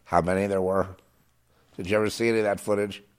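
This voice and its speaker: A man delivering a rambling political monologue, halting and restarting, swinging from muttering to agitated outbursts. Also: sits low, steady tone, a little mellow, clean tone. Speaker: commentator.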